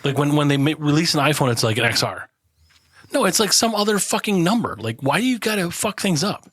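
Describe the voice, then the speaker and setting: A man's voice: fairly high pitch, big pitch swings, fairly quick, fairly bright tone, slightly rough, no room sound. A man co-hosting a podcast in a casual chat over beers, swearing freely, laughing often and telling stories with lots of animation. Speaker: podcast co-host.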